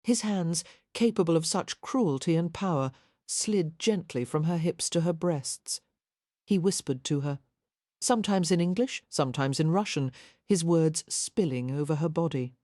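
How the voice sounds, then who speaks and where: A woman narrating a historical romance audiobook in a soft, measured storytelling manner. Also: sits low, no echo, studio quality. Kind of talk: scripted narration.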